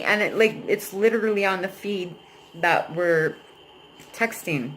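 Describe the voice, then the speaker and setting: A woman's voice: medium pitch, measured pace, a little hiss or hum, low-quality recording. A young adult woman vlogging, venting at length about a painful breakup in a rambling, emotional way and swearing freely. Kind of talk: personal venting vlog.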